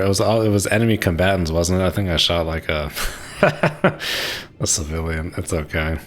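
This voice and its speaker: A man's voice: low voice, moderate pace. A man giving casual, chatty commentary while playing a naval warfare game, laughing and talking to himself. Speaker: streamer.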